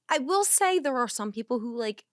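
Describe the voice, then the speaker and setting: Lively woman podcast host. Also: high voice, no room sound, studio quality. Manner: agreeing often, quick interjections. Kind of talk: casual chat.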